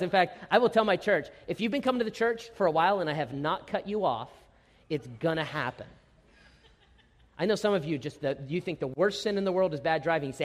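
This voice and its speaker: A middle-aged man preaching a sermon, his voice sitting a little higher than most men's. He tells jokes at his own expense and acts out little asides. The sound carries a long reverb from a big hall. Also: expressive, a little fast. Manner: self-deprecating, humorous storytelling with quoted asides. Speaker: pastor.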